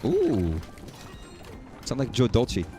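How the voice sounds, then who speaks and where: A young man streams a video game, rambling through profane, jokey asides at a mid-range pitch. Faint game music plays quietly behind him. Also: animated, moderate pace. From southern US. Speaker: gaming streamer. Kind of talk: casual let's-play commentary.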